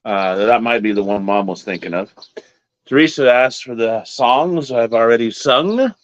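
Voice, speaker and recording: A man hosting an online Bible study, chatting slowly and casually between hymns from home. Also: mid-range voice, expressive, dry recording. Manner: slow, chatty, drawn-out speech. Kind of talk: casual live-stream chat and hymn singing. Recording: dull lo-fi stream audio.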